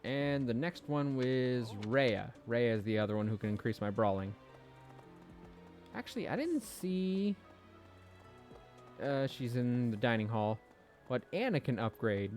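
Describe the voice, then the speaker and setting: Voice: mid-range voice, sing-song, takes it slowly, darkish tone. A streamer giving offhand, sarcastic commentary while playing a game. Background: game music.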